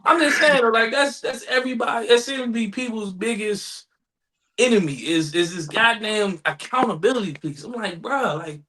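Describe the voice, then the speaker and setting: Male co-host, high bright voice, preachy riffs, acts out what other people say. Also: animated, moderate pace. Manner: preachy riffing, acts out imagined replies. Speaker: podcast co-host. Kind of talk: casual podcast chat.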